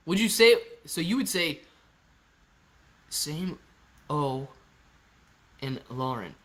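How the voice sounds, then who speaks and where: Young guy streaming, bright voice kinda high, joking around reading chat. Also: expressive, slow pace, long pauses. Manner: joking, reads viewer chat aloud. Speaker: livestream host. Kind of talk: casual live stream chat.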